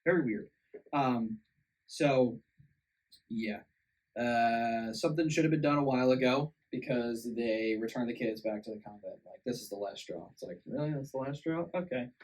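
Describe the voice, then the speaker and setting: Animated man reviewing a horror film. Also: mid-range voice, normal speed, far from the mic, low-quality recording. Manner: animated, mimics characters in exaggerated voices. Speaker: podcast co-host. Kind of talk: casual movie review chat. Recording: faint background noise.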